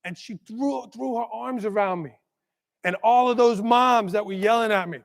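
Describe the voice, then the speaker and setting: High-voiced man telling a keynote story. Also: normal speed, gravelly. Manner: animated, checks in with the crowd with constant "right?". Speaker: keynote speaker, school leader. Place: large conference hall. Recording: long hall reverb.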